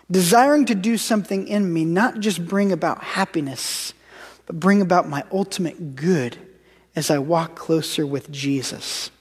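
An American pastor in his thirties preaches a sermon and tells stories, often repeating words as he restarts his sentences. His voice is high-pitched with a breathy edge, and the recording has a long hall reverb.

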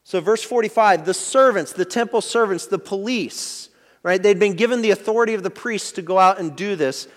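A man with a high voice preaches a sermon in a hall with a long reverb. He talks through the passage in a relaxed, conversational way, often restarting his sentences. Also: moderate pace. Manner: explanatory, conversational teaching with many restarts. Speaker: pastor.

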